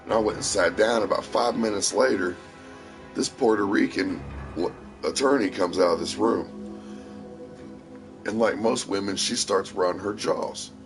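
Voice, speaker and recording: A man's voice: on the low side, moderate pace, pauses often, over music. A man casually telling a long story, rambling and swearing freely with a tough edge. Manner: profane, rambling, tough-talking. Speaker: streamer.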